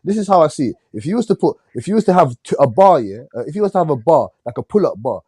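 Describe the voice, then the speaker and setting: A man's voice: a little high, big pitch swings, very fast, dark tone, slightly rough, dry recording, studio quality. A man in a casual boxing debate, insistent, repeating himself and laughing often. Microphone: phone call.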